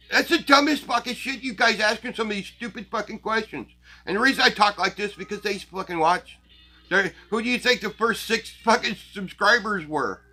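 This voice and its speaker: A man's voice: high-pitched, pushed and bright. Crass, foul-mouthed man ranting at viewers. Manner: crass, blunt and heavily profane; scornful, laughing at his viewers. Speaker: channel host. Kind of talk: profane casual rant to viewers.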